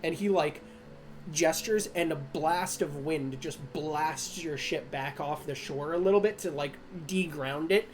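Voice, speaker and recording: A man's voice: on the high side, unhurried, faint music behind. A man narrating as game master of a tabletop game, rambling with many fillers and restarts and laughing at himself.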